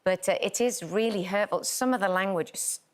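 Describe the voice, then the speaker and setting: A woman's voice: medium pitch, a little fast. A woman in her sixties talking earnestly and in detail as a studio guest, explaining her view at length. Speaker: guest, dance show judge. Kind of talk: casual studio chat.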